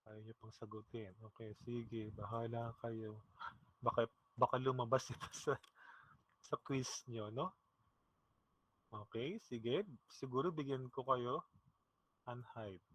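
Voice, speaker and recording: A man's voice: medium pitch, measured pace, long pauses, fairly bright tone, no room sound, rough recording. A man with a Filipino accent teaching a math class online, casual and chuckling, often checking in with "okay?". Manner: mixes English and Tagalog, often checks with "okay? no?".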